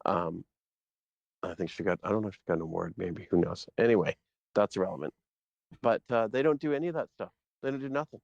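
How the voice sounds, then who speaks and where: A man's voice: sits low, quick pace, creaky, a little mellow, no room sound. Laid-back man, dull lo-fi sound. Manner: laid-back, brief reactions. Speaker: podcast co-host. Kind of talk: casual chat.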